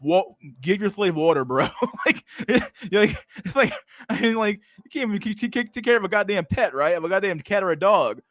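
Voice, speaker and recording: A man with a slightly high voice rants on a livestream, swearing constantly and tripping over repeated words as he laughs along. His voice is close and dry, with faint music playing underneath. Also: lively intonation, a little fast, a bit bright, no room sound. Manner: profane, stammering repetitions, frequent laughter. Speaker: streamer reading and reacting to chat. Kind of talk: casual livestream rant.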